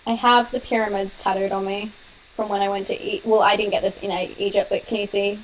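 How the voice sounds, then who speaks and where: Her horror channel's casual live Q&A has a young woman talking fast, laughing frequently and responding to viewer comments. She speaks at a medium pitch with flat delivery, on poor audio with a little hiss or hum.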